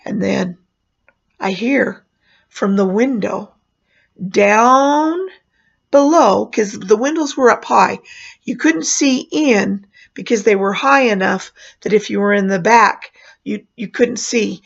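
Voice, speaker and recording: A woman's voice: mid-range voice, expressive, slow, vocal fry. A woman who performed as a clown, chatting through a personal story with fillers and small laughs. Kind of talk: casual spoken memoir. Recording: muffled lo-fi recording.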